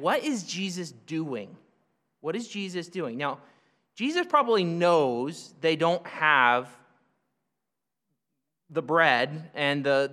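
Bright-voiced man preaching in a reverberant hall. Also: a little high. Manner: conversational, asks rhetorical questions, then answers them. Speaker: pastor. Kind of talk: expository sermon.

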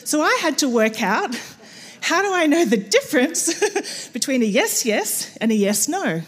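A woman's voice: high voice, unhurried. A middle-aged Australian woman speaking in church, telling a story and acting out bits of dialogue, often with a laugh. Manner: animated, acts out dialogue with laughter. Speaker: missionary speaker.

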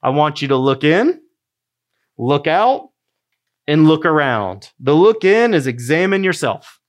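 A middle-aged man, a pastor, preaching a sermon in a relaxed, storytelling way. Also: on the high side, unhurried. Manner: conversational storytelling preaching, with quoted asides.

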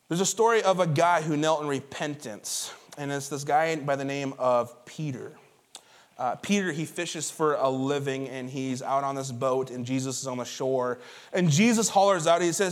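A male pastor preaching a sermon to his congregation in a church, in a conversational way, telling stories with lively emphasis and repeated words. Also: a little high, brisk. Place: church auditorium before a congregation.

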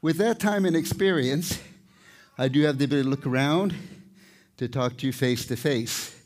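An older man, a tightrope walker, giving a live talk with storytelling and light humor, out of breath at times. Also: medium pitch. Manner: storytelling, warm humor, pauses to catch breath. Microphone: microphone, speaking to a live audience.

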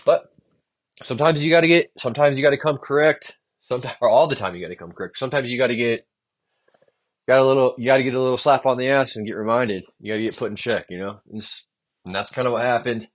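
Speaking fast in a mid-range voice, this young podcast host rants alone on the mic about his jobs. His solo, stream-of-consciousness talk wanders, swears freely, and sounds fed up.

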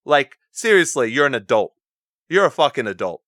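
A man's voice: mid-range voice, very animated, normal speed, pauses often, bright, forceful tone, no echo, clean studio sound. Blunt, profane man ranting. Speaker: podcast co-host. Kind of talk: casual chat.

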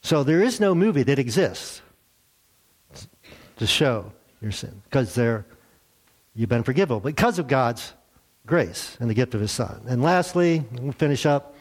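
A man's voice: medium pitch, animated, unhurried, pauses often. A man preaching a sermon in a church, in a conversational way, asking rhetorical questions and telling light jokes. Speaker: pastor.

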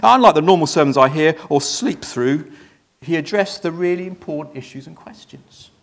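A preacher playing a gravelly churchgoing eyewitness. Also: male voice, on the high side, animated, normal speed. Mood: storytelling. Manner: chatty storyteller, hesitant restarts. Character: ordinary man in the congregation, a jaded sermon-dozer left amazed. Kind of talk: first-person dramatic monologue in a sermon.

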